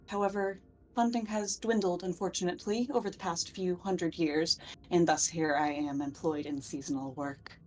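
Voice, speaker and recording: A woman voicing a polite, formal robot who talks in stiff, deliberate phrases. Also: fairly low pitch, steady tone, darkish tone, slight background noise, lightly acted. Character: formal polite robot, dated lab machine.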